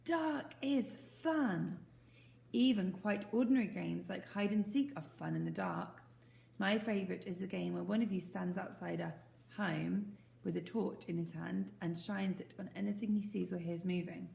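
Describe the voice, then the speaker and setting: A woman's voice: on the low side, normal speed, vocal fry, dark tone. A woman voicing a cheerful, confident young Boy Scout who talks in a breezy, teasing way. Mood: enthusiastic. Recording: roomy echo.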